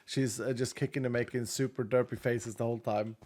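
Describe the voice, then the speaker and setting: A man's voice: medium pitch, flat delivery, fairly quick, darkish tone. A man in his thirties chatting casually with his chat while playing a game on stream, laughing often.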